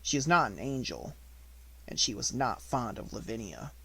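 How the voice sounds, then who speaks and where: Male audiobook narrator, measured pace, dry close recording. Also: medium pitch, sing-song, gravelly, a bit bright, slightly rough, dry recording. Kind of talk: unabridged audiobook reading.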